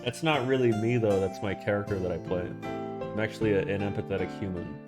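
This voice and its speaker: A man's voice: on the low side, fairly even intonation, brisk, music in the background. A man streaming live, chatting casually and rambling, swearing often and answering his chat. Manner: rambling, profane, talking back to chat.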